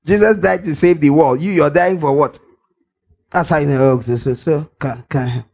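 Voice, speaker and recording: An older man preaching, his voice pitched high with a gravelly rasp running through it. He teases his congregation playfully, acting out little everyday scenes to make his point. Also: normal speed, a little mellow, dull audio. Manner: playful and teasing, acts out scenes, laughs often. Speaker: pastor. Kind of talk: lively church sermon. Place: church hall.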